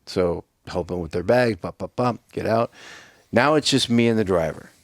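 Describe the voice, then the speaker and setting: A man's voice: lowish voice, normal speed, no room sound, studio quality. Profane middle-aged man spinning a wild story. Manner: animated, swearing, acts out dialogue. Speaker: podcast guest.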